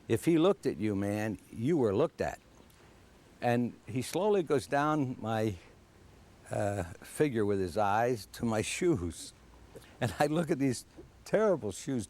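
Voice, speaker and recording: An older man, an actor, telling a rambling, halting, self-mocking anecdote. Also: medium pitch, darkish tone. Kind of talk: casual storytelling.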